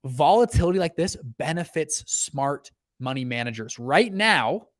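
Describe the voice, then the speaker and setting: He's a young fund manager and host, speaking at a measured pace in a slightly high voice, recorded at studio quality with no echo. On his casual livestream about investing and economics, he's energetic, keeps saying "okay" and "right," leans on fillers, and restarts sentences a lot.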